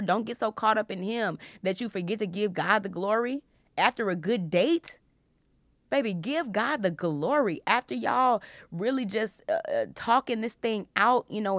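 A young woman hosting a faith podcast, teaching from the Bible in a casual, playful way with frequent loud laughter. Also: a little high, normal speed, dry recording, clean studio sound. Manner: animated, laughs loudly and often, playful preacher tone.

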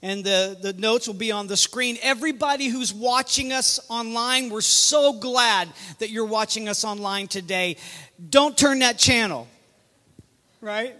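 A middle-aged man preaching a sermon as a guest speaker, in a lively, conversational way that calls out to the congregation. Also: high voice, a little slow. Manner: lively, conversational preaching with audience call-outs. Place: church sanctuary. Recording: long hall reverb.

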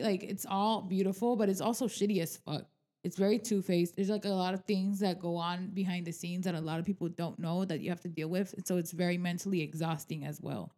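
A young woman co-hosting a podcast, talking candidly about her work, swearing often and acting out what people said. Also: medium pitch. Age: young adult. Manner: candid and animated, frequent swearing and filler words; acts out quoted dialogue. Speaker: podcast co-host, real estate agent. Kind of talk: casual podcast chat.

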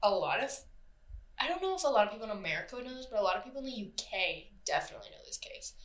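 A young woman co-hosts a true-crime podcast in loose, casual chat, swearing now and then and poking fun at herself. Her voice sits in a middle pitch, and the room around her rings with a noticeable echo. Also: sing-song, very fast, a bit bright. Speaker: podcast co-host. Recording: roomy echo.

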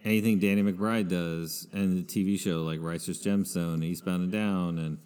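Low-voiced man in an echoing room. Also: fairly even intonation, moderate pace, darkish tone, clean tone. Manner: rambling, lots of fillers. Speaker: podcast host. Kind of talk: casual chat.

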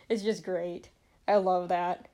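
A woman's voice: fairly low pitch, dark tone. A young woman talking casually on a vlog, rambling and chatty, often breaking into laughter. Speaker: vlogger reviewing a film. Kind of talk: casual chat.

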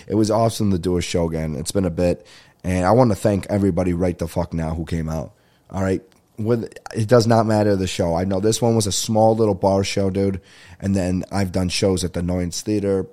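Low, dark-voiced man gushing casually. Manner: enthusiastic, profane, rambling storyteller. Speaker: stand-up comedian and podcast host. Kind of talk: casual solo podcast chat.

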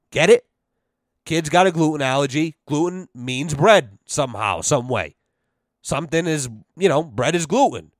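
A man's voice: on the high side, clear, resonant tone, no echo, studio quality. A young man hosting a podcast, ranting in a rambling, profane, sarcastic way, filling his talk with "you know". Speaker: podcast host. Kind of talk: casual comedic rant.

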